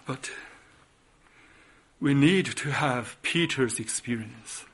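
A man preaching a sermon with passion, swinging from loud emphatic peaks to hushed, quiet lines. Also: mid-range voice, slow, husky.

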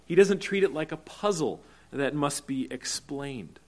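A man preaching a sermon, deliberate and earnest, slowing down on key words and rising to urgent cries when he stresses a point. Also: fairly high pitch, lively intonation, a little mellow. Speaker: pastor.

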